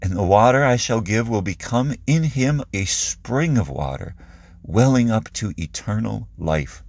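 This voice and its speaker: A man speaking as solemn Jesus, low and husky. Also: expressive, a little mellow, no room sound, heavily acted. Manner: solemn, measured. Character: Jesus, calm male teacher speaking solemnly.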